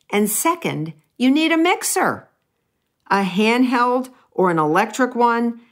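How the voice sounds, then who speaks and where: A middle-aged woman chef telling a humorous personal baking story in a chatty, playful way, with asides to the listener. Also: medium pitch. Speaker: pastry chef.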